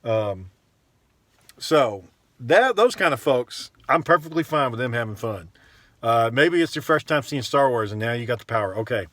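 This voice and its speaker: A man's voice: medium pitch, lively intonation, moderate pace, fairly bright tone, no echo. Guy in his 20s or 30s venting into the camera, swears a lot, rambly, dry close sound. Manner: blunt, profane, rambling with frequent fillers. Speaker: vlogger. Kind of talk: casual rant to camera.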